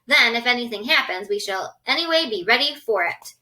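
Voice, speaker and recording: A woman's voice: on the high side, expressive, fairly quick, bright, forceful tone, far from the mic. A woman voicing a wise old male grasshopper in a storybook reading, firm and fatherly.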